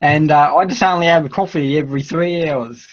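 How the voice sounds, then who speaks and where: A man's voice: on the high side, fairly even intonation, a little fast, muffled recording. A man with an Australian accent doing rambling, laugh-filled casual commentary on a live stream. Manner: rambling, laughs often, restarts.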